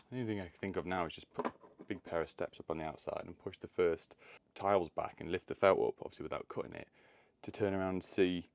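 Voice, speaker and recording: An electrician films an on-the-job vlog on his phone camera, chatting and thinking aloud as he works on a roof outdoors in the rain and in a loft, sometimes out of breath. His voice is low, and the recording is dry.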